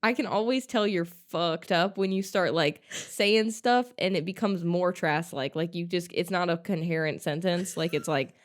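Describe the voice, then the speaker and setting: A woman's voice: lowish voice, moderate pace, hardly any pauses. A woman in her twenties chats casually on a podcast. She tells stories with lots of energy, acts out her friends' voices and swears freely. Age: 20s. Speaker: podcast co-host. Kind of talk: casual chat.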